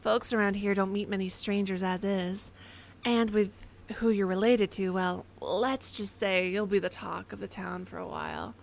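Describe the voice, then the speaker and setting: A woman's voice: medium pitch, animated, normal speed, creaky. A woman voicing a friendly young local woman in a game, speaking in an easygoing, teasing way.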